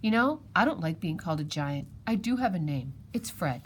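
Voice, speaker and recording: A woman voicing a grumpy male giant who speaks loudly and gruffly. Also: on the low side, lively intonation, fairly quick, noisy background, voice pushed down, lightly acted. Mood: sulky. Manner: loud, gruff, rhyming chants.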